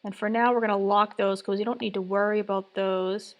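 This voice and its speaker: A woman with a steady, mid-range voice talks fairly quickly while muttering to herself. She's thinking aloud on a live design stream from her home workspace, trying things out one attempt after another.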